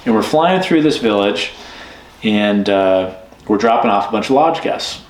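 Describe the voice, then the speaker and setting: A man's voice: lowish voice, measured pace. A man, a bush pilot, telling a story in a casual chat and acting out the quotes. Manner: lively retelling with voiced quotes. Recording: roomy echo.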